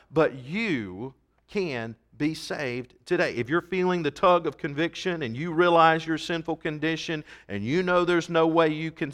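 Man preaching, sermon, earnest, emphatic, soft then loud, fairly high voice. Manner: reads scripture in King James wording. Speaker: pastor. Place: church service.

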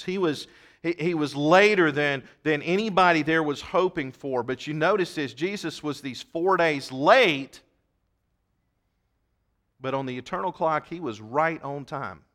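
A man preaching a sermon, reading scripture aloud and swinging between loud emphatic shouts and quiet asides. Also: fairly high pitch, a little slow. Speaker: pastor.

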